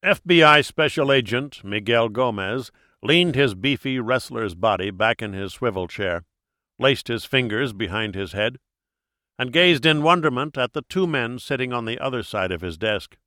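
A man narrating an audiobook chapter in a steady, measured storytelling manner. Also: lowish voice, no room sound, studio quality.

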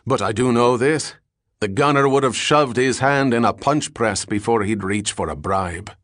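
A man's voice: medium pitch, moderate pace, a bit bright, dry recording, studio quality, close to an everyday voice. A man voicing a big, jovial, drunk Scottish ex-boxer in his forties, with a Scottish accent and a hearty, rolling way of talking. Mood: genial. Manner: hearty, evasive, rolling speech.

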